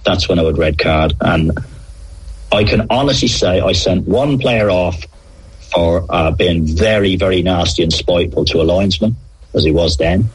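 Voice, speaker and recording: A middle-aged man, a former referee telling animated anecdotes in an interview. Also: sits low, moderate pace, breathy edge, rough recording. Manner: animated anecdotes, acts out quoted players. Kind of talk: conversational interview storytelling.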